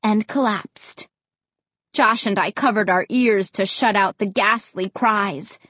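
A woman's voice: measured pace, bright, forceful tone, no room sound. A woman narrating a spooky children's novel aloud, acting out the characters' lines with dramatic energy. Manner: dramatic, voices characters with big pitch jumps. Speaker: audiobook narrator. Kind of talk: expressive audiobook narration.

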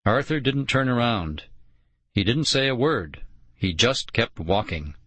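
Male audiobook narrator, measured and unhurried; dry, close sound. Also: mid-range voice, expressive, pushed and bright, breathy edge, no room sound. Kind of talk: scripted first-person narration.

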